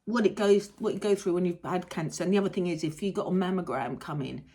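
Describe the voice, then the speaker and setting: A warm, lowish voice belongs to a middle-aged British host who talks fast. She rambles chattily through a casual monologue and swears mildly along the way.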